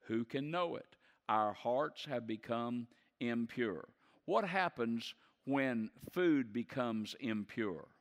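A male pastor delivers a sermon, pacing his points with rhetorical questions and pushing harder as he goes. His voice sits at an ordinary pitch for a man. It rings out with long reverb in a large church hall. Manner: preaching with rhetorical questions and rising intensity.

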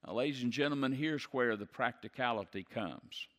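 A man's voice: medium pitch, normal speed, few pauses, a bit bright, in a large hall. A man preaching a sermon in earnest, repeating key phrases for emphasis as he teaches. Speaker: pastor.

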